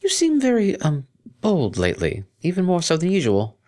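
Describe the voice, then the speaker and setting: A man's voice: a little high, huge pitch swings, moderate pace, darkish tone, pitched above the performer's own voice. A man voicing a prim, refined young female pony cellist with proper, fussy diction, in a storybook reading. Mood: exasperated.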